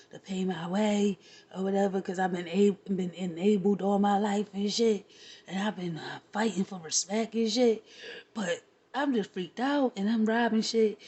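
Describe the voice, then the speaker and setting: Husky woman ranting profanely. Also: medium pitch. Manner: animated, profane storytelling with laughs. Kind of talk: casual rant to camera.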